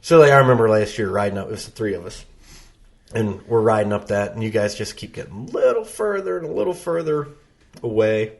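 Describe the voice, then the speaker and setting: A man's voice: on the low side, animated, a little fast, gravelly. Self-mocking guy telling riding stories. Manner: self-deprecating, storytelling, laughs often. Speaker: podcast guest. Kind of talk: casual chat.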